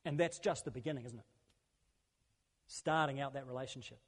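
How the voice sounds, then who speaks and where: A man's voice: medium pitch, a little fast. A man preaching a sermon as a pastor, earnest and conversational, building his points through repeated phrases. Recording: long hall reverb.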